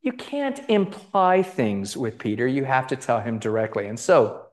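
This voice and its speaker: A man's voice: medium pitch, very animated, normal speed, a little mellow. A man giving a lecture on scripture, with conversational asides, who acts out the quoted voices. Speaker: Bible teacher.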